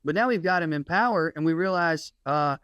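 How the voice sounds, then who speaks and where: A man's voice: fairly high pitch, a little fast, a bit bright, clean tone, dry recording, lo-fi sound. A man co-hosting a casual comedy podcast, ranting in a sardonic, rambling way. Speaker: podcast co-host.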